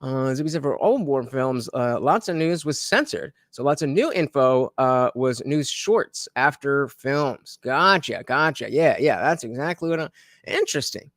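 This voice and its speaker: A man's voice: mid-range voice, lively intonation, moderate pace, fairly bright tone, no echo, studio quality. A man hosting a livestream, chatting casually to his viewers and reacting to a podcast clip, rambling with lots of fillers and restarts. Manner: chats directly to viewers.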